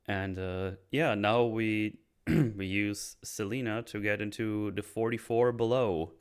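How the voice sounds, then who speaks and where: A man with a deep, clear and resonant voice talks through a film on a podcast. His delivery is loose and rambling, full of fillers and restarts, with joking asides at his own expense. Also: slow. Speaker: podcast co-host recapping a film. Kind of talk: casual chat.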